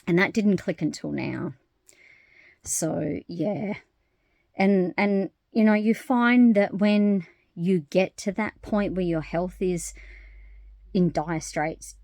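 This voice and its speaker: A woman talking openly to camera in a casual vlog, animated and frank, swearing freely and laughing often. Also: fairly low pitch, no echo, studio quality. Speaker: vlogger. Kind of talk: casual personal monologue.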